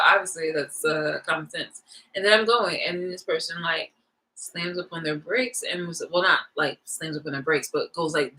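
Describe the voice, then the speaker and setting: A young woman vlogging, telling a rambling story in a casual, animated rant full of fillers. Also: lowish voice, poor audio.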